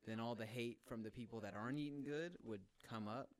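A man's voice: mid-range voice, a little fast, no echo. A young man in casual, rambling chat, swearing freely and laughing as he talks. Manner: laid-back, rambling, profane, laughs often.

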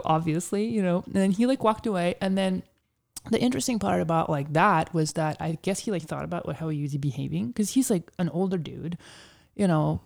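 Woman guest, dark and mellow tone, casual storyteller, filler-heavy. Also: on the low side, a little fast, gravelly. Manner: chatty storyteller, heavy use of "like". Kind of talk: casual interview conversation.

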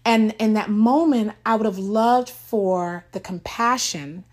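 A woman giving a casual devotional talk to her viewers, earnest and heartfelt, speaking emotionally and haltingly. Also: medium pitch.

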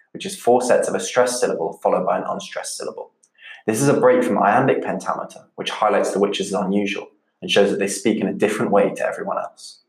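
Low-voiced male teacher in an echoey room. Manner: measured, explanatory, repeats key points. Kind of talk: literature lesson.

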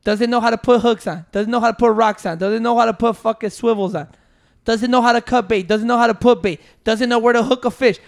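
High gravelly man. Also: fairly quick. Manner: animated storytelling, heavy swearing, code-switching. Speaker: podcast co-host. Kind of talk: casual banter.

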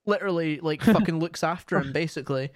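A young man telling gig stories in casual chat, animated and full of swearing. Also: a little high, fast talker, no room sound, clean studio sound.

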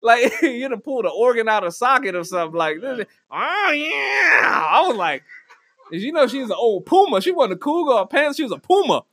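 A man hosting a podcast, telling crude comic stories in an animated way, swearing freely and laughing often. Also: extremely high pitch, fast talker, few pauses. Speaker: podcast host. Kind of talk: crude comedic storytelling. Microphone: studio podcast mic.

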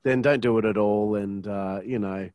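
A man's voice: lowish voice, fairly even intonation, normal speed, darkish tone, no room sound. A man hosting a podcast, asking questions bluntly and swearing casually. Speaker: podcast host. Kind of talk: casual interview chat.

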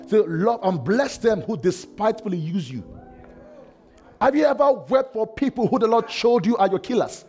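Impassioned high-voiced preacher man. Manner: impassioned preaching, swinging from shouts to hushed tones. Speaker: pastor. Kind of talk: sermon.

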